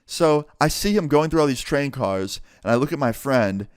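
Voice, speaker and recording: A young man telling a storytime tale in a casual, animated way, acting out the quoted lines and swearing freely. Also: medium pitch, normal speed, clean tone, no room sound, clean studio sound.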